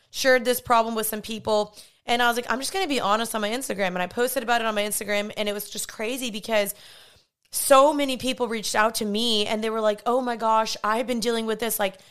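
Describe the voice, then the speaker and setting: A woman's voice: on the high side, clean tone. A young woman hosting a podcast, telling a personal story in a candid, chatty way and acting out what people said. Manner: candid, chatty, animated storytelling with acted-out quotes. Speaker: podcast host. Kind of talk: personal faith-based podcast monologue.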